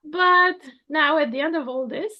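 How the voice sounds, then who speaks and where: A Romanian woman in her thirties, an architect and coach, speaks unhurriedly in a high voice during a casual conversation about her coaching work. She's earnest, laughs lightly now and then, and the audio sounds dull.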